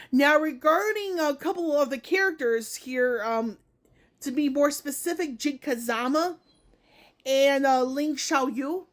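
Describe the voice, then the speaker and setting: A woman giving her opinions in a casual gaming vlog, talking in a rambling way and correcting herself often. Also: high-pitched. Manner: rambling, self-correcting, many hedging asides. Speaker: gaming vlogger.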